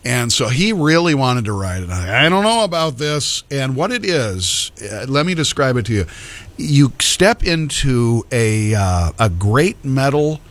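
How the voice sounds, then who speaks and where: A man co-hosting a morning show, telling stories in a jokey, animated way. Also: medium pitch, unhurried. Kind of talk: casual chat.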